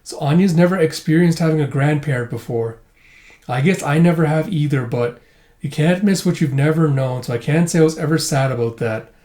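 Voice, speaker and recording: Guy reading as a polite gentle young wife, soft, thoughtful. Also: a little high, fairly quick, lightly acted. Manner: polite, apologetic.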